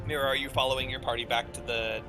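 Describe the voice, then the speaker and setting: A man working as game master, narrating a tabletop game over a voice call in a quick, amused way and laughing often. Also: mid-range voice, level tone, over music, poor audio.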